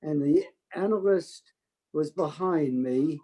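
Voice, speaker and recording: An older man telling stories from his working life, talkative and quick to act out what others said. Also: a little high, rough recording. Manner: talkative, animated quoting of others. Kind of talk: storytelling oral history.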